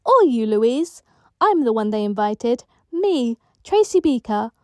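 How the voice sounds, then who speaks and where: A woman's voice: a little slow, no room sound. A woman voicing a bold, bossy ten-year-old girl in care, brash and boastful. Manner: brash, boastful, shrill when excited.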